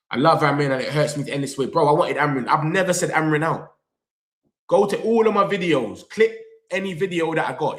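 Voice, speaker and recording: Young man, fan vlog host, slangy and worked up, fairly high voice, echoey room. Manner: animated, slangy, talks straight to viewers and reads comments aloud. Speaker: football fan channel host. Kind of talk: excited live reaction vlog.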